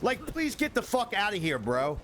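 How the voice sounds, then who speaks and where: A man's voice: sits high, huge pitch swings, moderate pace, a bit bright, a little hiss or hum. A young man streaming a video game, swearing freely and talking back to his chat with exasperation. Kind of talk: casual gameplay commentary.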